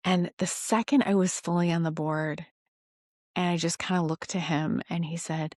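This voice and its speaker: A woman giving a rambling, earnest faith testimony, self-deprecating and quick to laugh at herself. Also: lowish voice, steady tone, a little mellow, no room sound, clean studio sound. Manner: halting restarts when emotional. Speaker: Christian devotional vlogger.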